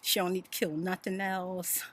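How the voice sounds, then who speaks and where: Woman playing a bossy grown eldest daughter, firm, slightly low voice. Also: flat delivery, moderate pace, close to an everyday voice.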